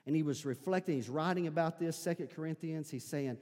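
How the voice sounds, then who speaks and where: An Arkansas pastor with a squeaky, fairly high voice, preaching a sermon in a church. He moves between shouted fervor and quiet confiding. The sound carries a long hall reverb. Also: fairly quick, hardly any pauses. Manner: swings from shouted preaching to quiet, intimate talk. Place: church sanctuary.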